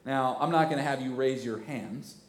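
A male pastor with a hoarse, cracking voice preaching a sermon, animated and conversational, with many rhetorical questions. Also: mid-range voice, normal speed. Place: church. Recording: echoey church hall.

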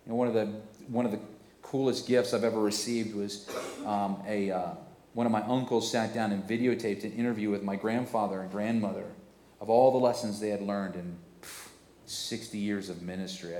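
A man in his forties preaching a sermon, swelling into loud, emphatic passages. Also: fairly low pitch, fairly even intonation, brisk, roomy sound, a little hiss or hum. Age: 40s. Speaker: pastor. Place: church sanctuary.

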